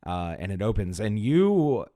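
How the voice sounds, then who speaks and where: A man narrating a tabletop game as game master, pausing often with fillers and restarts. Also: on the low side, sing-song, dark tone, dry recording, clean studio sound. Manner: hesitant, many fillers and restarts.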